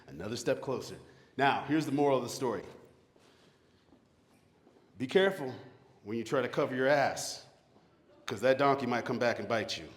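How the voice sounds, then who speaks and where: A man giving a motivational speech to a graduating class, an animated storyteller who keeps asking the audience questions. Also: mid-range voice. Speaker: motivational speaker. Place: large hall with an audience. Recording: echoey hall, long reverb.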